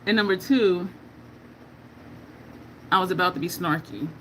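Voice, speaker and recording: A middle-aged woman hosts a beauty video, chatting casually live with viewers as she applies makeup and tells stories full of asides. Her voice is on the low side, a bit bright and a little slow, and the rough recording has some hiss or hum.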